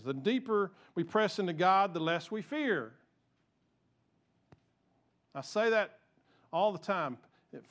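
A man preaching a sermon in an earnest, conversational way, often restarting his sentences. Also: sits high. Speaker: pastor.

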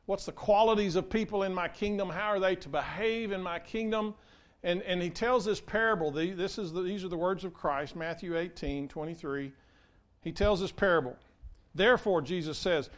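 A man's voice: high voice, fairly bright tone. A male pastor preaching a sermon in an earnest way, repeating key phrases and speaking straight to his congregation.

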